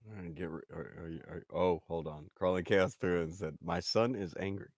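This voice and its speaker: A man with a somewhat low voice hosts a loose stream show, reading viewer comments aloud and chatting casually. His voice sounds dry and close, with no room around it. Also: fairly even intonation, fairly quick, darkish tone, no echo. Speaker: host.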